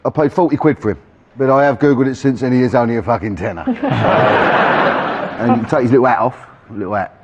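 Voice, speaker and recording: Older Cockney man, unhurried and profane; muffled broadcast audio with heavy noise. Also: medium pitch. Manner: laid-back, swearing, rambling. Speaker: panel show guest. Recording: dull TV sound, heavy noise.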